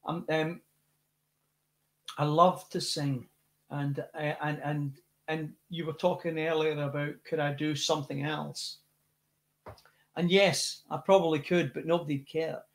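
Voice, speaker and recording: A man with a Scottish accent, a rock singer chatting as a guest, telling lively stories with many restarts and repeated words. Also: on the high side, unhurried, vocal fry, pauses often. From Scotland. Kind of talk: casual interview chat.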